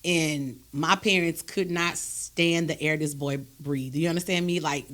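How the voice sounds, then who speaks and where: A woman, hosting a podcast and telling a personal story in a candid, animated, emphatic way. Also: deep voice, unhurried, hardly any pauses. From Texas, USA. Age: adult, raised a grown son. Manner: emphatic and animated, with frequent "do you understand me?". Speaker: podcast host.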